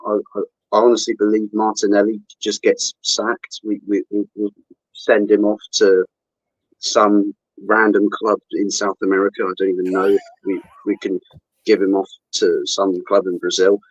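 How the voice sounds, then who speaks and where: Teasing Englishman, low voice, dull sound. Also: completely flat delivery, normal speed, no echo. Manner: playful, mock-theatrical teasing. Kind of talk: casual banter.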